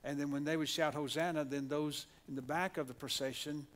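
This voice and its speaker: A man's voice: on the high side, fairly even intonation, fairly quick, fairly bright tone. A man with an Oklahoma accent preaching a sermon in a church, speaking earnestly with frequent restarts and repeated words. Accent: Oklahoma, Southern US. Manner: earnest preaching with frequent restarts, leads the congregation in call-and-response. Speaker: pastor. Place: church sanctuary.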